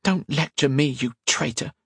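A man voicing a bold, sharp-tongued young woman, talking in a quick, scolding, teasing way. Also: a little high, slightly rough, no room sound, clean studio sound, voice pushed up.

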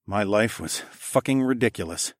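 A man with a fairly low voice narrating an audiobook in the first person. His delivery is steady and even. The recording is dry and close. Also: moderate pace, no echo.

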